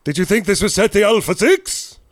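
A man's voice: high-pitched, very animated, fairly quick, no room sound, clean studio sound. A man in his forties, co-hosting a podcast in casual chat, rambling and cursing as he tells stories with laughs. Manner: rambling, profane, laughing storyteller. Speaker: podcast co-host.

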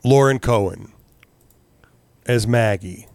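A man's voice: lowish voice, slow pace, vocal fry, a little mellow, clear, resonant tone, no echo. A man chatting casually on a podcast, telling stories animatedly, swearing and acting out his own reactions. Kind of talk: casual chat.

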